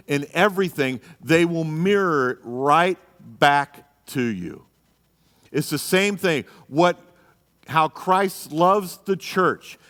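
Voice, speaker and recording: A pastor leads a marriage class in a church hall, his voice fairly high and a touch bright. He teaches emphatically and fills the lesson with rhetorical questions, and the live church room adds reverb to the recording.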